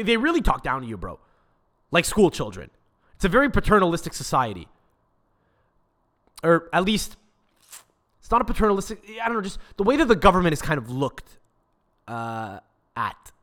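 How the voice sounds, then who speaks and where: A man's voice: a little high, big pitch swings, normal speed, pauses often, a bit bright. A young man from Quebec, hosting a podcast in a rambling, swear-filled casual rant. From Quebec, Canada. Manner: swears constantly, rambling restarts. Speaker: podcast host.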